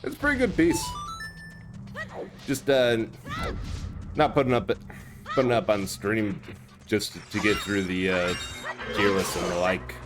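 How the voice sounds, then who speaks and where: In a fairly low, steady voice that's a little slow and often pauses, a young man chats casually with his stream while gaming at home in a hot room. He fakes a cobbled-together Scottish accent, laughs frequently, and calls out chatters by name as game music plays.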